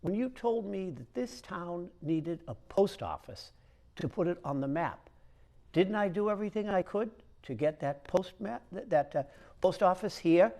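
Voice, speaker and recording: A man's voice: high voice, expressive, moderate pace, dark tone, pitched above the performer's own voice. A man putting on an older congressman, pressing a constituent with reproachful, pleading questions. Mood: indignant. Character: old male congressman, indignant and pleading.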